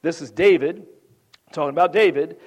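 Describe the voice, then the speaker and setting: A man's voice: on the high side, moderate pace. A man preaching a sermon, reading scripture aloud and talking with the congregation in a conversational way. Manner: conversational, asks the congregation questions; reads scripture aloud with rising emphasis. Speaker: pastor.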